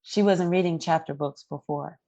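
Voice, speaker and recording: Woman, low gravelly voice, earnest storytelling, dry close sound. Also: normal speed, dark tone, no echo. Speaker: guest parent advocate. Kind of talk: storytelling in a podcast interview.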